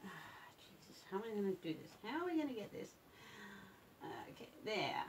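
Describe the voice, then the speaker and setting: A woman's voice: mid-range voice, big pitch swings, a little fast, a little hiss or hum. A woman coaxing her cats to pose for a photo shoot at home, repeating names and commands. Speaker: pet photographer. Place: indoor home photo session.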